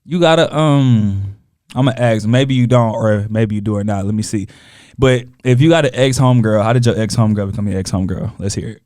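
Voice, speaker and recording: A man's voice: lowish voice, fairly quick, darkish tone. A young man hosting a call-in podcast, talking in a laid-back, slangy, teasing way. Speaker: podcast host. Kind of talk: casual call-in chat.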